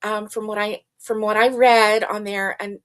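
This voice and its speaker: A woman's voice: medium pitch, little pitch movement, normal speed, fairly bright tone, smooth. An older woman hosting a casual live stream, chatting, laughing often and greeting viewers by name. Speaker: livestream host.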